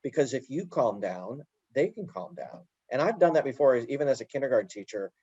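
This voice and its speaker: A man explaining calmly in an interview, often slipping into little acted-out quotes of parents and children. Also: mid-range voice, a little fast, breathy edge, no room sound, highs cut off. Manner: animated storyteller acting out little quoted dialogues. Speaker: guest, educator. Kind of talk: conversational interview answer.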